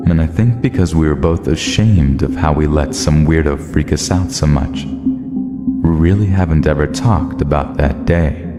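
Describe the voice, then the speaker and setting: A man reading a scary first-person story aloud in steady, measured scripted narration. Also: very deep voice. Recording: long hall reverb with faint music.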